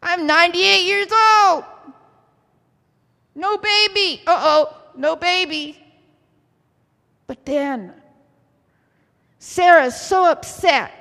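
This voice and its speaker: A woman with a high voice preaches slowly and deliberately, acting out the story with theatrical energy. Her words ring through a church hall with long reverb. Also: gravelly. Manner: lively, acts out the story. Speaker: pastor's wife preaching. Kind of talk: sermon.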